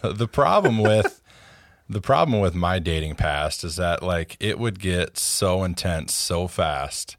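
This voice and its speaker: A man co-hosting a casual podcast, with a very low voice. He talks haltingly, restarting and repeating words, and pokes fun at himself. The recording is dry and close. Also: expressive, dry recording. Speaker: podcast co-host. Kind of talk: casual chat.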